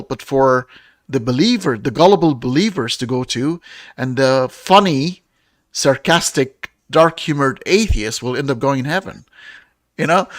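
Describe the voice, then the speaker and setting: Halting man explaining with many fillers. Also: medium pitch, no room sound, studio quality. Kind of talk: casual philosophical discussion.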